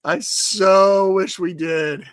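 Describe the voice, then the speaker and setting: A man's voice: sits high, steady tone, drawn-out words, no echo, clean studio sound. A man co-hosting a comedy podcast, reading strange crime news stories aloud with jokey asides. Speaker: podcast co-host.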